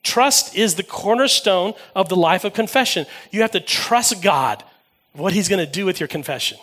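A man delivering a sermon as a pastor, his voice sitting a little high for a man. He tells personal stories with animated energy, rising and getting louder on key points, then falling to quiet asides. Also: moderate pace. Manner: animated storytelling, swings from loud emphasis to quiet asides.

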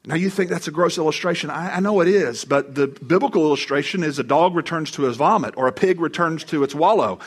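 A man's voice: fairly high pitch, fast talker, few pauses, slightly rough. Storytelling male pastor preaching to a congregation. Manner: storytelling with humor, animated voices for quotes. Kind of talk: sermon. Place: church before a live congregation.

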